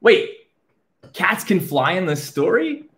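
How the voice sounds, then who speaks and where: A man reading a children's picture book aloud, stopping for friendly, chatty asides to the kids. His pitch is on the higher side for a man. It moves around a lot as he talks, which keeps his voice lively. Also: slow pace. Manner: warm, chatty asides to young listeners. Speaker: children's storyteller.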